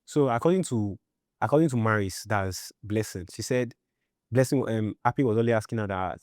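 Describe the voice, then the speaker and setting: A Nigerian man telling his own story in a halting way, often repeating himself and checking "you understand?". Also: fairly low pitch, darkish tone, no echo, clean studio sound. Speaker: interviewee. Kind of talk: personal storytelling.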